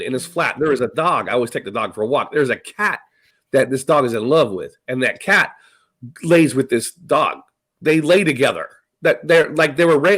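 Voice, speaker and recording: A man's voice: a little high, a bit bright. A man from California's Central Valley hosts a casual livestream chat. He rambles, swears freely and often restarts his sentences. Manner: rambling, profane, many restarts. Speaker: show host.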